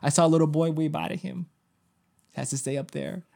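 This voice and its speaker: Animated, profane man telling a story. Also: on the high side, a little fast, gravelly. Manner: animated, profane, acts out other people's lines. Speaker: podcast co-host. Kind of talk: casual storytelling chat.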